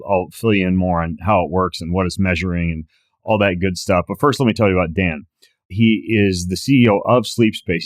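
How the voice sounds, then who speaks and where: A man with a very low voice hosts a podcast. He reads sponsor spots and introduces his guest in an upbeat, chatty manner, dropping in quick joking asides. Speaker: podcast host.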